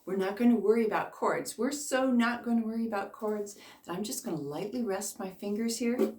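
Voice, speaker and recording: A woman's voice: medium pitch, a little fast, darkish tone, faint music behind. A woman in her fifties teaching a beginner ukulele lesson, encouraging and counting along with her students. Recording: echoey room, faint noise.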